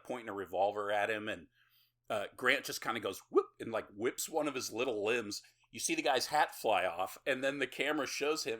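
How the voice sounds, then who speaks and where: A man hosting a podcast, casually retelling a horror movie with laughs, swearing and quick quoted lines. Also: on the low side, a bit bright. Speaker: podcast host. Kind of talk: casual movie recap chat.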